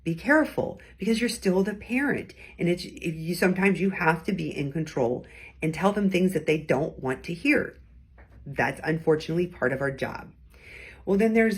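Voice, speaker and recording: Woman teaching how tone lands, kinda low and breathy voice, chatty and encouraging. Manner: demonstrates different tones of voice; conversational, encouraging. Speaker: host and communication coach. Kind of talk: teaching talk to camera.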